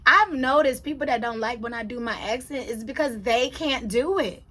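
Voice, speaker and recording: A young adult woman chatting casually on her vlog, telling a story with big swings from low, quiet asides to loud, high exclamations. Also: moderate pace, hardly any pauses. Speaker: vlogger. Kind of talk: casual chat.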